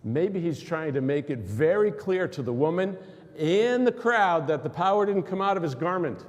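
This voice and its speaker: A male pastor preaches to his congregation in a voice pitched a little high for a man, swinging up and down as he asks question after question. His words ring out into a church sanctuary with a long reverb tail. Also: lo-fi sound. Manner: questioning, animated preaching with acted quotes. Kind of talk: sermon.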